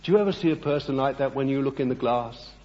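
A man's voice: mid-range voice, fast talker, a little mellow. A man delivering a sermon, emphatic and repetitive, questioning his congregation. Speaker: preacher. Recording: dull lo-fi echoey hall.

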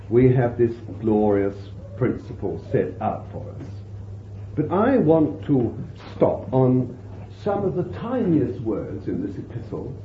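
A man preaching a sermon in an unhurried way, often chuckling as he explains. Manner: slow, unhurried preaching with lively pitch and warm chuckles. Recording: roomy, tinny phone-like sound with faint hiss.

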